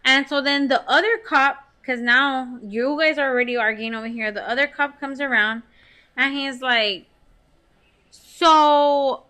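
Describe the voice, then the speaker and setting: Bright, high-voiced woman telling a wild story. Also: normal speed. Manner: animated, heavy swearing, laughs while telling. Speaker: podcast co-host. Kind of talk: casual storytelling.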